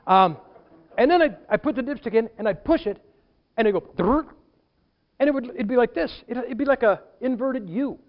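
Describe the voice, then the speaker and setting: A man's voice: very high voice, fairly quick, highs cut off. A man preaching a sermon as a pastor, telling stories and acting out what people said. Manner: animated storytelling preacher, acts out quotes.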